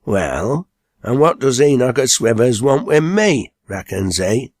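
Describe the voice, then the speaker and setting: A man playing a gruff old mower from a storybook, sneering at whoever stops him in broad Lancashire dialect. His talk is blunt, slow and dry, close to the mic. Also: medium pitch, big pitch swings, darkish tone, no echo, voice pushed up. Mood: scornful.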